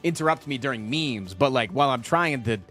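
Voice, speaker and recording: A male streamer talks loosely to his chat, rambling and joking, with plenty of "man" thrown in. His voice sits in an ordinary middle pitch. Faint music plays behind him. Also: a little fast. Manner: rambling and animated, jokey, with frequent "man". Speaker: live streamer. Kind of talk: casual chat with stream viewers.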